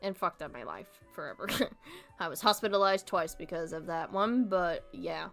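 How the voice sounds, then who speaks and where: A woman's voice: lowish voice, expressive, moderate pace, gravelly, a bit bright, faint music behind. A young adult woman streaming a casual chat, talking animatedly with heavy swearing and frequent laughter.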